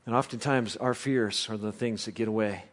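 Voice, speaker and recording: A man preaching a sermon as pastor, telling a story with loud excited bursts that drop to quiet reflection. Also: fairly low pitch, moderate pace. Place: church service.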